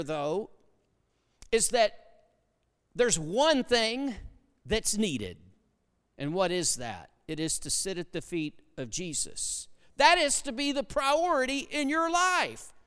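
A pastor preaching a sermon, swinging between hushed, low passages and loud, emphatic ones. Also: male voice, clear, resonant tone. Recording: long hall reverb.

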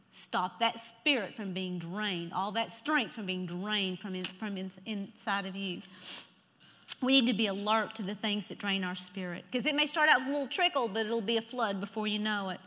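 A woman's voice: mid-range voice, pushed and bright. A woman preaching a sermon in a church, emphatic, leading the congregation in repeating scripture aloud. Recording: long hall reverb.

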